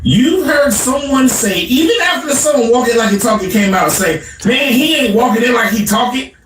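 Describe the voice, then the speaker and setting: A man ranting in loud, scolding, emphatic commentary. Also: extremely high pitch, lively intonation, moderate pace. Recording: roomy, distant, with loud music.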